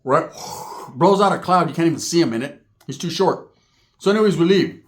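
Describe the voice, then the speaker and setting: A man from Northern California telling a crude story in a profane, animated way, tagging lines with "right?". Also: on the high side, fairly quick.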